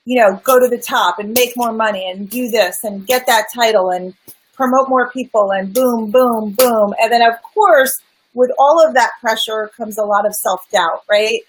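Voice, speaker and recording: This is a woman sharing her life story as a guest on a talk show. Her voice sits a little high, and her delivery is earnest and emphatic, frank enough to swear now and then. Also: moderate pace, slightly rough, poor audio. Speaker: guest, spiritual life coach. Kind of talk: candid personal storytelling.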